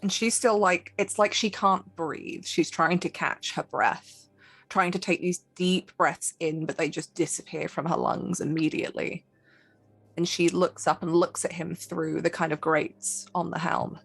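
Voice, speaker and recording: A woman describes her character's struggle in a tabletop role-playing game with earnest, vivid detail. Her voice is low, husky and gravelly at the edges. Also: steady tone, a little slow, fairly bright tone. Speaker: player.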